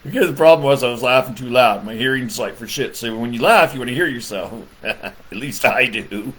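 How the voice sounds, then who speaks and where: A man's voice: medium pitch, expressive, brisk, fairly bright tone, breathy edge. A man, a political comedian, rambling through a crude comedic rant, laughing often and leaning on fillers. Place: Michigan.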